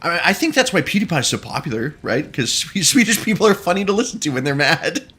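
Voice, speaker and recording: A male streamer chatting loosely over his gameplay, his voice bright and forward. He swings up and down a lot in pitch as he jokes with chat, sitting a bit higher than most men. He laughs easily and keeps things playful. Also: sing-song, quick pace, breathy edge. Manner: joking, chatty, laughs often. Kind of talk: casual gaming commentary.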